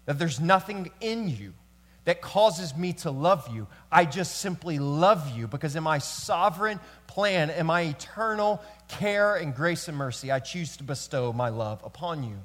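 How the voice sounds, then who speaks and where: A man's voice: a little high, expressive, a little slow, a bit bright, big-room sound. A man preaching a sermon as pastor, telling a story in a conversational way and addressing the men in the room. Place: church sanctuary.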